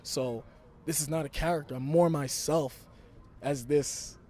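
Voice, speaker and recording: A man's voice: on the high side, fairly even intonation, measured pace, darkish tone. A young man from Brooklyn, talking brashly and emphatically as a wrestler guest in an interview. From Brooklyn, New York. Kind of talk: interview talk.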